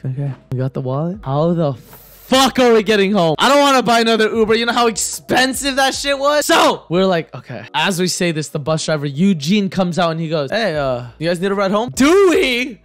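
A young man telling a storytime vlog anecdote, swinging from low mutters to excited shouts. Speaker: vlogger.

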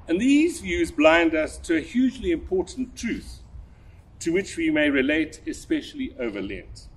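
Older man, priest, sermon, husky, lively pitch, measured delivery. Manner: measured, deliberate preaching with emphatic rises.

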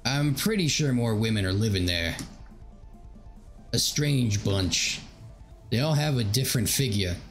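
A man's voice: on the low side, lively intonation, unhurried, pauses often, soft background music. A man voicing a gossipy middle-aged woman neighbor, chatty and disapproving.

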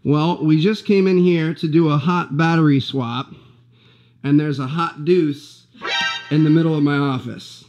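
A man's voice: a little high, fairly even intonation, measured pace, darkish tone, dull audio, faint music behind. A man talking casually in a vlog, coaxing his dog in a playful sing-song. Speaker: vlogger, dog owner.

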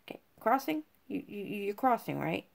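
A woman streamer giving excitable let's-play commentary, giggling, swearing freely and squealing when she wins. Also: mid-range voice, fairly quick, creaky, background noise. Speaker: gaming streamer.

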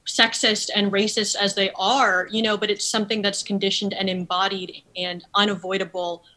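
A woman's voice: mid-range voice, flat delivery, moderate pace, bright, forceful tone, low-quality recording. A woman guest on a podcast talking earnestly in articulate, academic phrasing, with plenty of fillers. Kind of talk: earnest conversational interview.

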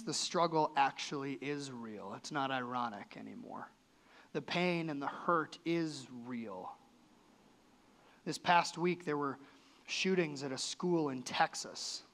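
A man's voice: fairly high pitch, lively intonation, takes it slowly, fairly bright tone. Earnest male pastor preaching conversationally. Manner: earnest, conversational preaching with sudden lifts and drops in voice. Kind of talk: sermon. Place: church.

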